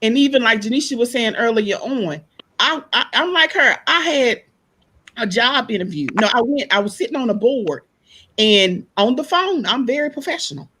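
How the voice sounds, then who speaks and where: A woman in a casual panel discussion, telling stories in an animated way and acting out the people she quotes. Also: a little high, moderate pace, slightly rough, rough recording. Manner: animated storyteller, acts out quoted voices. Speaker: panel guest.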